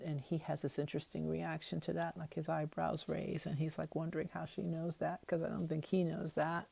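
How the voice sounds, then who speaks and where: A woman's voice: low voice, creaky, warm tone, no room sound. A woman giving a chatty, wry recap of a TV episode, with lots of fillers as she talks it through. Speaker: TV episode commentator.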